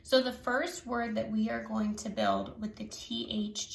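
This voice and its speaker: A woman teacher giving a slow phonics lesson to children, stretching out each sound clearly. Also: fairly high pitch, fairly even intonation. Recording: echoey room.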